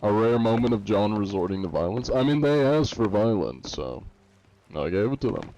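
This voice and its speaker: A man's voice: lowish voice, expressive, normal speed, dark tone, lo-fi sound, slight background noise. A male streamer chatting casually while he plays, laid-back and laughing often. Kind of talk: casual gameplay chat.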